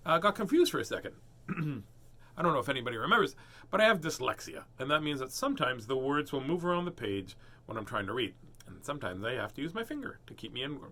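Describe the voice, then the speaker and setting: A man's voice: mid-range voice, big pitch swings, fast talker, pushed and bright. Playful man reading a picture book. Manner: playful, joking asides, voices characters. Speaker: storybook reader.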